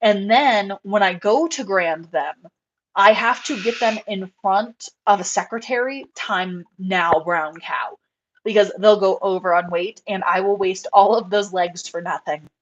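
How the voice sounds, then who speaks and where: A young woman chats casually on a live show. She rambles in an animated way, full of fillers and little acted-out quotes. Her voice sits at a middle pitch. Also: unhurried, highs cut off, slight background noise. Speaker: rabbit breeder on a live show. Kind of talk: casual chat.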